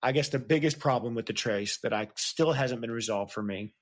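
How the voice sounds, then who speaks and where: Joking man hosting a casual podcast. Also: medium pitch. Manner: joking, chatty, quick to laugh. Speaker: podcast host. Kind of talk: casual chat.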